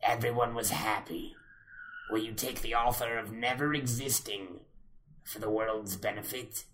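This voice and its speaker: A man voicing a sly male devil-like tempter who makes a deal, in a low, hushed, slow and coaxing voice. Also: slight background noise, low-quality recording.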